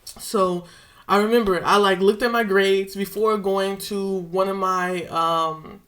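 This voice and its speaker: A woman's voice: medium pitch, fairly even intonation, measured pace, a bit bright. A young woman vlogger casually retelling a personal story with slang and emotion.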